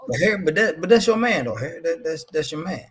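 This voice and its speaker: A man's voice: fairly high pitch, animated, fast talker. A man co-hosting a casual wrestling talk show, teasing his partner and laughing often. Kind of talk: casual chat.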